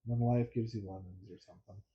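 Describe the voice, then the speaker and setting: A man's voice: on the low side, steady tone, fairly quick. A man co-hosting a casual podcast chat, easygoing, with wry comebacks. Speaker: podcast co-host. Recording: dull lo-fi audio.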